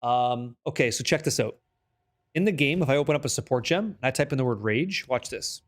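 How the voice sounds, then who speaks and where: A young man streaming a game, chatting casually with viewers, reading patch notes aloud and swearing freely when excited. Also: medium pitch, a little fast. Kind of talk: casual live-stream chat.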